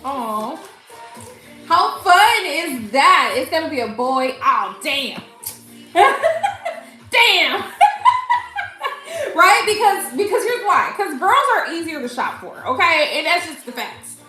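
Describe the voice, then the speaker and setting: A middle-aged woman hosting a casual live tarot reading, chatting loudly with viewers, laughing often and swearing freely. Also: high voice, big pitch swings, measured pace. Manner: loud, laughing, profane and chatty, greets viewers. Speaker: tarot reader livestream host. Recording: echoey room with faint music.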